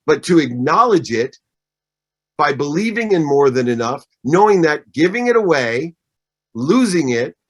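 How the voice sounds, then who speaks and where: A man's voice: a little high, very animated, measured pace. A man in his fifties giving a motivational talk as guest speaker, emphatic and repeating his points in threes. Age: 50s. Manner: emphatic, repeats phrases in triplets. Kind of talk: motivational speech.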